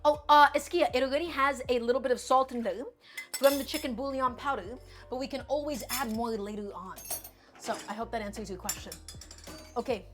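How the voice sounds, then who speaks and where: A woman's voice: fairly high pitch, a little fast, fairly bright tone, faint music behind. A woman streaming from her home kitchen, chatting and coaching viewers through each cooking step. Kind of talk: live-stream cooking chat.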